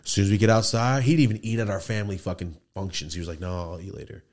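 A man hosting a studio podcast, telling animated stories and acting out the people in them. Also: lowish voice, very fast. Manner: animated storyteller, acts out quoted people, swears freely. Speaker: podcast host. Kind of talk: casual storytelling chat.

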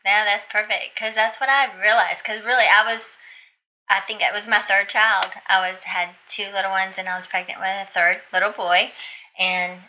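Woman, middle-aged, bright tone, emotional storyteller, casual interview talk. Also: steady tone, moderate pace, rough recording. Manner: emotional storytelling, jumps higher when quoting others. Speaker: podcast guest.

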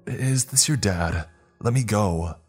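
A man's voice: on the low side, animated, slow, slightly rough, soft background music, pitched above the performer's own voice, full character voice. A man voicing a frightened sixteen-year-old boy who pleads and cries out in alarm. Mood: desperate. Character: frightened teenage boy, sixteen, desperate and panicked.

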